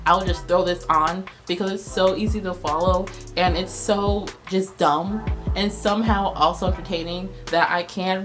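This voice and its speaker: A woman, recapping a movie on her channel in a sarcastic, animated way. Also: fairly low pitch. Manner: sarcastic, animated, laughs at her own jokes. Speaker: video host reviewing a movie. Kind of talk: casual comedic movie recap.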